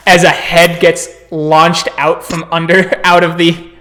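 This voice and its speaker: A man's voice: on the high side, level tone, measured pace, pushed and bright, slight background noise. A man narrating as game master, describing violent scenes with spoken sound effects.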